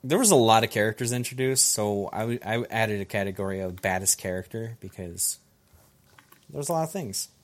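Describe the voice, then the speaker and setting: A young man hosting a casual podcast chat, talking loosely and halting often. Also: fairly low pitch, animated. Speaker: podcast host.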